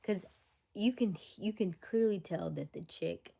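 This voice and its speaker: A woman hosting a livestream, chatting casually to her viewers and retelling a story in an animated, incredulous way. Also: mid-range voice, unhurried, creaky. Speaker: livestream host.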